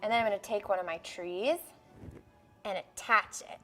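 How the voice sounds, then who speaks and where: A woman's voice: mid-range voice, moderate pace, a bit bright, soft background music. A young woman hosting a live baking show for kids, bubbly and coaxing as she talks straight to the children at home. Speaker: host of a kids' baking show. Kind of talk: live cooking demonstration for kids.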